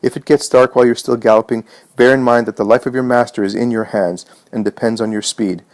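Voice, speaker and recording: A man reading as hushed urgent mistress Martha. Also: medium pitch, fairly even intonation, fast, natural voice. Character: Martha, anxious determined mistress of house.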